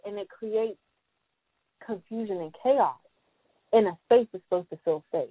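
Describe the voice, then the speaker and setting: A woman talks in a loose, lively way and slips into put-on voices for the people she quotes. The sound is thin and phone-like. It is very dry, with no room around it. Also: medium pitch, measured pace, long pauses, breathy edge, dry recording. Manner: animated, acts out quoted voices in slang. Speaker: podcast guest. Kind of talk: casual chat.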